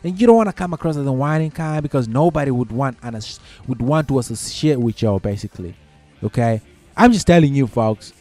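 Soft background music plays under a mid-range, darkish male voice that's animated and a little fast. The commentator gives casual workplace advice in a conversational way, repeating his points, checking in with the listener, and calling them y'all and folks.

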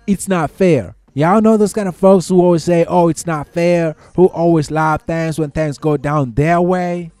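A man's voice: on the high side, fairly even intonation, normal speed, hardly any pauses, mellow, clean tone, no room sound, faint music behind. Man giving workplace advice to folks. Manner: repeats points, checks in with the listener; conversational, uses y'all and folks. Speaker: commentator. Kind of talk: casual advice talk.

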